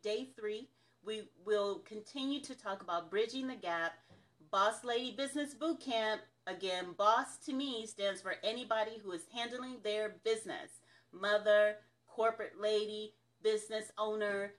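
A woman's voice: a little high, fairly bright tone. A woman from the American South hosting a casual business coaching livestream, chatty and upbeat, laughing often as she talks to viewers.

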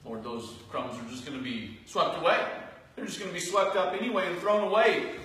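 A man's voice: animated, a little fast. Earnest man preaching in a very echoey hall. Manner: earnest, swinging between raised emphatic phrases and soft low asides. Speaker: pastor. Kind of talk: sermon. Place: church sanctuary. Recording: distant, very echoey church hall recording with faint noise.

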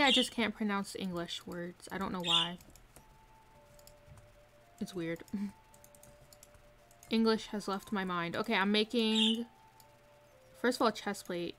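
A woman streaming a video game live, chatting casually, talking to herself and reading chat, often giggling. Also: medium pitch. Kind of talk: casual live gameplay commentary. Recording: faint noise with mouse clicks and typing.

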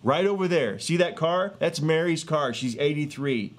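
A man in his thirties or forties, a street evangelist telling a healing testimony in an earnest, excitable way with many fillers and restarts, outdoors in a neighborhood. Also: fairly high pitch, moderate pace. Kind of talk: animated testimony storytelling.

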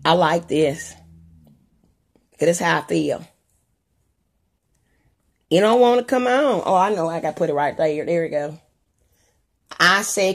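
A woman's voice: on the low side, unhurried, pauses often. A woman vlogger chatting casually on a live stream, crude and rambling, joking and singing along.

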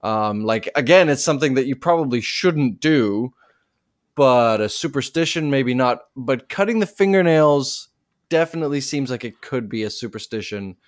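A man on a casual podcast, talking through quiz answers with joking, deadpan reasoning. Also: medium pitch, normal speed. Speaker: podcast co-host and quiz player.

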